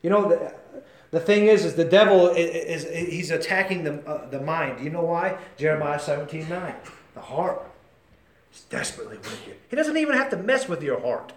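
A man preaching a sermon with great passion, swinging from shouts to near-whispers and calling his listeners by name. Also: fairly high pitch, expressive, moderate pace, roomy sound, a little hiss or hum.

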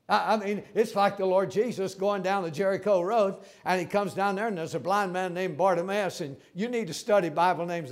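Emphatic high-voiced preacher man. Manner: folksy, emphatic preaching with repeated words and stammered restarts. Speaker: pastor. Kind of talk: sermon.

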